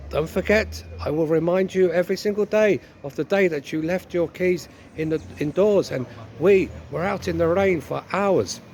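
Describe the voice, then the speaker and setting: A man's voice: sits high, moderate pace, a little mellow, slight background noise. A man playing a nagging wife who sweetly mocks her husband and keeps calling him dear. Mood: mocking. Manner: sweetly mocking, repeats "dear". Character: nagging middle-aged wife who never lets things go.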